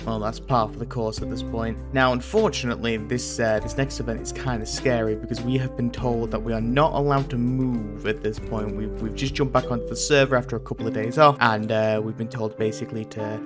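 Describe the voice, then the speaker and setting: A man giving casual commentary and narration over his own gameplay, animated and often stammering through restarts. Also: mid-range voice, fairly quick, hardly any pauses, over music. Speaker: gaming video creator.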